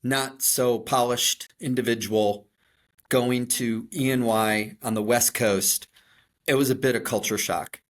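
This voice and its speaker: At a measured pace and in a mid-range voice, a middle-aged Chicago native co-hosts a podcast with a Chicago accent. His conversational storytelling is lively and self-deprecating, marked by frequent restarts.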